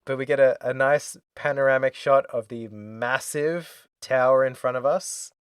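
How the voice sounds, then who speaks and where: A man's voice: mid-range voice, steady tone, normal speed, clear, resonant tone, no echo. Chatty man with a dry, close sound. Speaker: co-host. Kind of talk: casual podcast chat about a video game.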